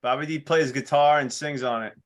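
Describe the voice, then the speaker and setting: A man's voice: fairly high pitch, steady tone, a little fast. A man with a New York accent joking and laughing his way through a casual podcast chat as co-host. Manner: jokey, laughs often.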